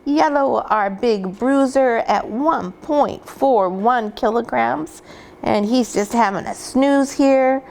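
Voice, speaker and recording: A woman dog breeder giving an instructional demonstration, gently cooing at the puppies now and then. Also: on the high side, takes it slowly, gravelly.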